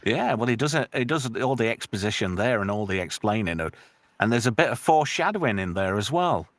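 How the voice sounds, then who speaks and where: A man hosting a casual movie podcast, lively and quick to laugh. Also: fairly low pitch, no echo. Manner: animated, laughs often, does mock voices of characters. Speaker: podcast host.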